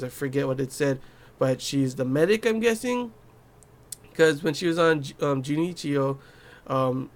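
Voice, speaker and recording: A young man hosting a casual anime review, talking loosely with lots of fillers and acting out scenes. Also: a little high. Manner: chatty, loose, filler-heavy, acts out scenes in quoted voices. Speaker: anime reviewer, channel host.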